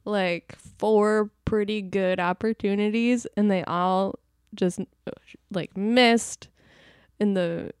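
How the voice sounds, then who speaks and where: Female podcast co-host, smooth clear voice, wry and laughing, dry close sound. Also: mid-range voice, steady tone, takes it slowly, no room sound. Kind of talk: casual chat.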